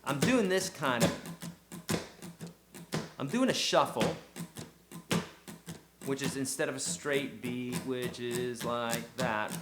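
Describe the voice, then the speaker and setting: A man's voice: mid-range voice, takes it slowly, pauses often. A man teaching a casual guitar lesson, chatty and encouraging, counting beats aloud as he goes. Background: his own acoustic guitar playing.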